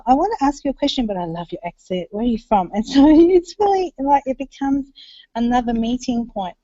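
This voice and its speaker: A woman's voice: fairly high pitch, dark tone, dry recording. A woman with an Australian accent, chatting casually and laughing as she tells stories from a conference. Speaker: conference attendee reporting back. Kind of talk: casual chat on a video call. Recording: dull lo-fi web call audio.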